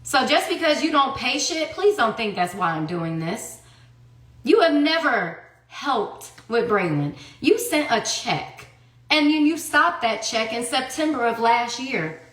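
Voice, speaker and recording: A woman in her thirties pours out her side of the story in a fiery, profane rant. She throws out one sharp rhetorical question after another. Her bright, slightly high voice rings around an echoey room. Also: very animated, measured pace. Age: 30s. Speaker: livestreamer telling her story. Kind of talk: heated personal monologue. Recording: roomy echo.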